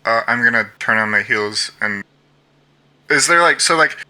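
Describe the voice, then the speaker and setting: A man's voice: mid-range voice, expressive, moderate pace, pushed and bright, no echo. A man playing in a tabletop game, asking questions hesitantly, full of fillers and restarts. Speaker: player.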